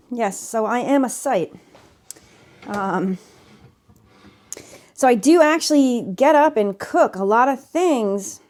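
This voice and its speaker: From off camera in her home kitchen, a cooking vlogger with a slightly mellow voice on the high side talks casually and off the cuff. She's chatty and self-mocking, tasting while she speaks, and the sound comes from the camera mic.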